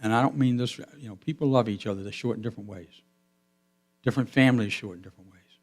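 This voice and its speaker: A man's voice: on the low side, fast talker. Man preaching a storytelling sermon. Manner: storytelling, voice swelling and dropping to a hush. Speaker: pastor. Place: church sanctuary.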